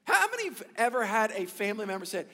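A man's voice: high-pitched, sing-song, fast talker, pushed and bright, long reverb tail. A male pastor preaching a sermon, emphatic and repetitive, speaking to his congregation. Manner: emphatic, repetitive, stumbles and restarts, addresses congregation. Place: church sanctuary.

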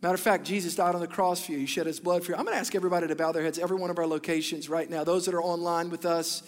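High-voiced preacher in a reverberant hall. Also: male voice, fairly even intonation, very fast. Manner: fervent, rising to shouts; repeats short declarations. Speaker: pastor. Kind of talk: sermon.

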